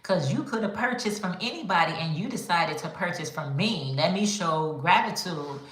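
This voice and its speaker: Chatty low-voiced woman in an echoey room. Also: fairly bright tone. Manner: chatty, addresses viewers as y'all. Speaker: livestream host. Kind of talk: casual live chat.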